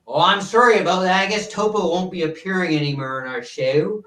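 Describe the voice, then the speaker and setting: A man's voice: sits high, fairly quick, sharp tone, pitched above the performer's own voice. A man putting on a stiff, showy older TV variety host who announces his acts in a stagey voice. The sound is roomy and a little distant from the mic.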